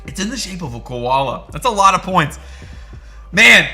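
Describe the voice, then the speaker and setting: An excitable young male streamer in casual chat mode, calling out viewers by name. His voice sits high and jumps all over the place. Soft music plays faintly behind him. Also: normal speed. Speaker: livestream host.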